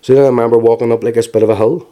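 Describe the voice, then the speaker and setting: A man with a Belfast accent giving a halting, plainspoken personal account, with restarts and wry laughs. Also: mid-range voice, fairly even intonation, dark tone. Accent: Northern Irish, Belfast. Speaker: interviewee. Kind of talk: personal testimony.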